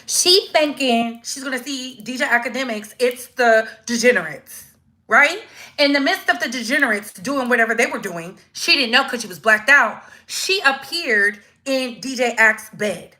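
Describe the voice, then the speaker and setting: A woman giving casual live-stream commentary, slangy and animated, acting out quoted voices as she goes. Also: fairly high pitch, normal speed.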